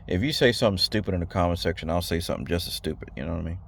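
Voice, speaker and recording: A man's voice: sits low, lively intonation, very fast, creaky, slight background noise. A man giving a blunt, rambling casual talk to his viewers, slangy and repeating himself. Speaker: video host. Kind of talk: casual direct-to-camera talk.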